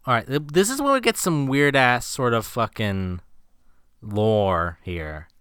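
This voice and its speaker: A man's voice: medium pitch, expressive, unhurried, fairly bright tone, clear, resonant tone, dry recording, studio quality. A man co-hosting a podcast, recapping a movie's plot in a sardonic, profane, casual way. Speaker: podcast co-host. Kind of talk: casual movie-review chat.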